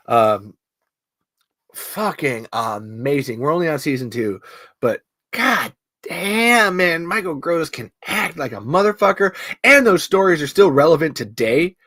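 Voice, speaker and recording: A man's voice: fairly high pitch, a bit bright, dry recording. Rambling casual male podcast host. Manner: rambling, with lots of fillers, restarts and laughter. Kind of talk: casual chat.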